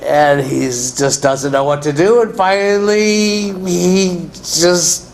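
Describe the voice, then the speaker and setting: A man's voice: fairly high pitch, level tone, takes it slowly, vocal fry, a little hiss or hum. A man giving a conversational, joking after-dinner lecture as guest speaker in a large hall.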